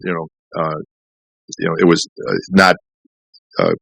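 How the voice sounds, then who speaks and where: A middle-aged man with a very low voice tells a long, candid story in a podcast conversation. He rambles, restarts sentences and acts out the voices of others. The sound is dry and close, with no room echo. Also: very animated, a little slow, gravelly, fairly bright tone. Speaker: comedian guest.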